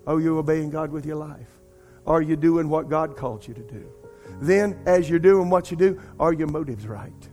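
A middle-aged man, a pastor preaching a sermon and telling a personal story in an animated way. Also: on the high side, moderate pace, few pauses, soft background music. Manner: animated storytelling, addresses congregation as "y'all".

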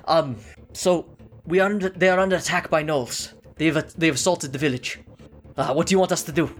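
A man voicing an anxious young male soldier bringing a hurried, stammering report. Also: on the high side, steady tone, voice pushed up, lightly acted. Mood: urgent.

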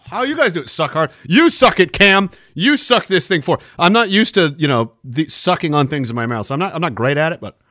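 A man's voice: a little high, animated, a little fast, few pauses, sharp tone, no echo, clean studio sound. Rambling man on a livestream. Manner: rambling, joking, reads chat aloud. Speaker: livestream host. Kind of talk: casual livestream chat. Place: home studio. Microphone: boom-arm studio mic.

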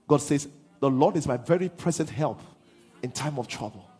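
A man preaching a sermon as pastor, swinging from hushed lines to half-sung shouts. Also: mid-range voice, lively intonation, moderate pace, slightly rough.

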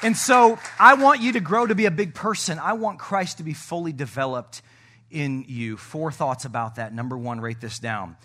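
A middle-aged man preaching a lively sermon with a bright, forceful voice that sits a little high. He jokes with his congregation and swings from soft asides to loud, shouting exhortation. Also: normal speed. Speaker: pastor.

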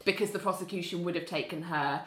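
A woman, co-hosting a casual podcast, recapping a TV episode in an animated way and acting out the characters' lines. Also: on the low side, fast, roomy sound. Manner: animated storyteller who acts out characters' lines. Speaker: podcast co-host.

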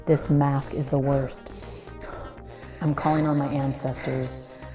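A woman's voice: rumbling low, flat delivery, slow, dark tone, faint music behind. A woman telling a first-person story in a breathless, dramatic way, swearing now and then.

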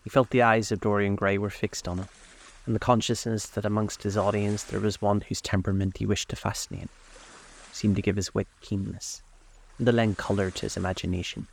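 A man narrating a classic novel aloud in a measured storybook reading. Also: on the low side, flat delivery, gravelly.

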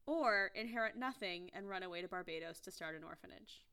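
Bright-voiced chatty woman podcaster. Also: fairly low pitch, brisk, clear, resonant tone. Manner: chatty, self-deprecating, frequent fillers. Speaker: podcast co-host. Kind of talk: casual chat.

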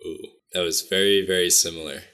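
A man's voice: low-pitched, steady tone, brisk, bright, forceful tone. A man co-hosting a podcast in casual chat, cracking dry teasing jokes. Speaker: podcast co-host.

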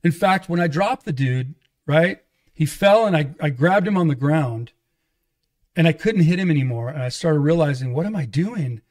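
A man telling his life story to an interviewer in a lively, conversational way, acting out the voices of the people he quotes. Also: fairly high pitch, moderate pace. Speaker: pastor and guest. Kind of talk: conversational testimony.

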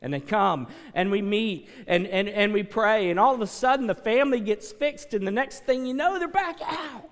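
A male pastor preaching a sermon, swinging between hushed pleading and loud, urgent appeals, clearing his throat now and then. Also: high voice, lively intonation, normal speed, few pauses. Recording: long hall reverb.

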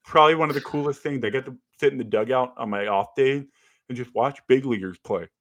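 Man telling animated stories, dry sound. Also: mid-range voice, a little fast, no room sound. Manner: animated storytelling with fillers and restarts. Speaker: podcast co-host, former ballplayer. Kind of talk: casual chat.

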